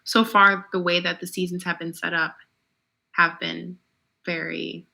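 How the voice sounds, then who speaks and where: Woman, casual podcast chat, lowish pitch, gravelly edge. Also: unhurried. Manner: relaxed, reflective, filler-heavy. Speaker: podcast co-host.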